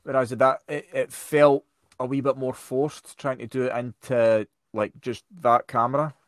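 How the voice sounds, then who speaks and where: A man's voice: medium pitch, flat delivery, measured pace, dry recording, clean studio sound. A comedian in casual chat, hesitant and repeating his words as he thinks aloud.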